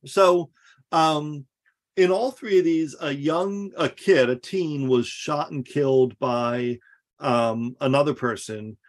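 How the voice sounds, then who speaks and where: A man's voice: a little high, takes it slowly. A man co-hosting a podcast, chatting casually and sarcastically about politics and swearing freely. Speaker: podcast co-host.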